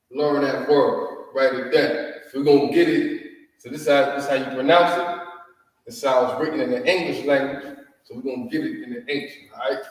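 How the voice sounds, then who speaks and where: A man's voice: medium pitch, fairly even intonation, moderate pace, long pauses. A man with a Southern US accent teaching a language class, drawling and repeating words with "you know what I mean?", recorded from far off in a large echoey room. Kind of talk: language lesson at a whiteboard.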